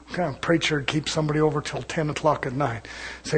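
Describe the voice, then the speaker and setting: A man preaching an evening sermon in a church, fervent, swinging between shouted lines and hushed asides. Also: a little high, quick pace, husky.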